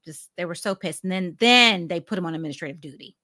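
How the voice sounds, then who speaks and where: A woman co-hosting a casual podcast, telling stories in an animated, chatty way. Her voice is bright and a little low-pitched, recorded dry and close. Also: fast, no echo. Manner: chatty, animated storyteller, laughs often. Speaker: podcast co-host. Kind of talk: casual chat.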